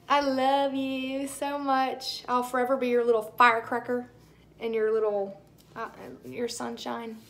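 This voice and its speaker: A woman's voice: fairly high pitch, fairly bright tone, a little hiss or hum. A young woman hosting a personal podcast monologue, emotional and rambling, with many "like" fillers. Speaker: podcast host.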